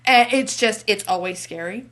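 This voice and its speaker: A woman's voice: mid-range voice, moderate pace. A woman co-hosting a podcast, chatting casually about movies and acting out conversations with her husband. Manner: animated storyteller acting out conversations. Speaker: podcast co-host.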